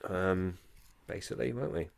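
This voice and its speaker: A man's voice: sits low, normal speed, vocal fry, dry recording. A drunk man co-hosting a podcast in casual chat, rambling and swearing as he goes off on tangents. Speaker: podcast co-host.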